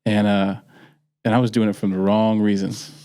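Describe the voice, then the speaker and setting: A man co-hosting a casual faith podcast, earnest and quick to laugh while sharing his own stories. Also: on the low side, little pitch movement, warm tone, smooth. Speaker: podcast co-host.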